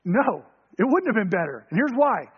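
High-voiced husky man preaching a sermon. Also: sing-song, normal speed, muffled recording.

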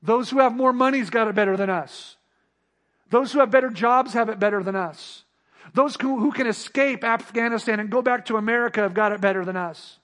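Male preacher, very high-pitched voice, emphatic sermon delivery with rhetorical questions and refrains. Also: fairly quick, fairly bright tone. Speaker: pastor.

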